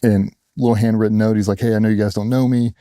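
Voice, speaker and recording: Low, dark-voiced man telling a story. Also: flat delivery, fast talker, dry recording, clean studio sound. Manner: blunt, plainspoken, retells dialogue in quotes. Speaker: interviewee. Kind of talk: candid storytelling in an interview.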